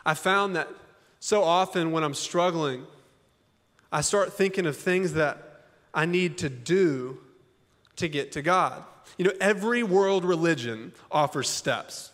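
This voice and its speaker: Male pastor, conversational sermon delivery, slightly higher voice, long reverb of a church hall. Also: unhurried, fairly bright tone. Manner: conversational, folksy preaching with rhetorical questions. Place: church auditorium.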